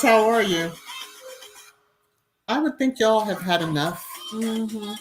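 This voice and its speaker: A woman hosts a casual live stream in an unhurried, chatty voice. Her pitch sits in a middle range, and she breaks off her talk to greet viewers by name. Soft music plays faintly in the background.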